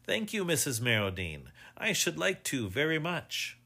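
A man voicing a polite, watchful police inspector in a read-aloud story, with a smooth, glib delivery. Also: fairly high pitch, sing-song, moderate pace, bright, forceful tone, pitched above the performer's own voice, full character voice.

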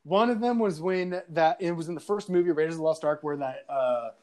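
A man's voice: fairly high pitch, brisk, a little mellow. A man chatting casually, rambling through stories, laughing often and slipping into impressions. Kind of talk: casual chat.

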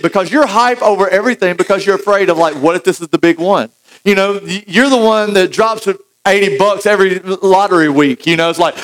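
A man preaching a sermon in a relaxed, conversational way, with jokey asides and frequent restarts. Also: sits high, brisk, rough recording. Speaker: pastor.

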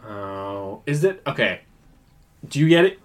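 A man's voice: on the low side, big pitch swings, measured pace. Rambling, self-mocking podcast co-host man. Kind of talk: casual chat.

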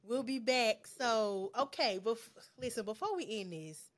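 A woman's voice: a little high, measured pace, crowd noise. A young woman with a Mississippi Southern accent, hosting a casual conversation and making her points emphatically, stretching words out. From Mississippi, USA. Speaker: host.

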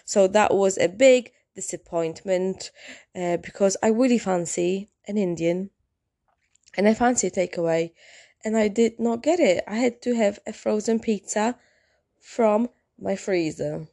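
A woman's voice: medium pitch, unhurried, warm tone. Woman chatting away on her podcast, rambly and wandering, normal middle voice. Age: adult, in a long-term relationship. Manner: rambling, chatty, self-interrupting. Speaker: podcast host. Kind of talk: casual solo podcast storytelling.

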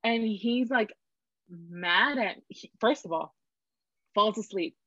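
A woman in her twenties, appearing as a podcast guest, tells a story in relaxed conversation, animatedly acting out dialogue and using lots of fillers. Her voice is mid-range and her pace unhurried. The recording is dry, dull and lo-fi, with no room sound.

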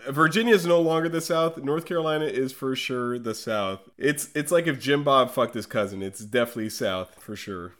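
A man's voice: mid-range voice, moderate pace, few pauses, a bit bright. A young man from the American South co-hosting a podcast, bantering with sarcastic jokes. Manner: joking, sarcastic. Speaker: podcast co-host. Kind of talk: casual banter.

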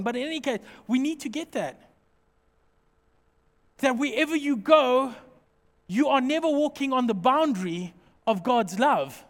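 A man preaching a sermon as pastor, animated and jokey, acting out small everyday scenes as he talks. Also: extremely high pitch, in a large hall.

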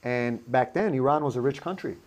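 A man hosting a casual podcast, talking in halting bursts with frequent restarts. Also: medium pitch, a little mellow. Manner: halting, restarts his sentences. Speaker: podcast host.

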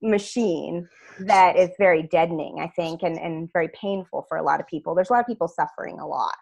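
A woman guest speaks earnestly and reflectively, thinking aloud as she goes. Her voice sits on the lower side for a woman and stays conversational. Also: a little fast, gravelly, a little mellow.

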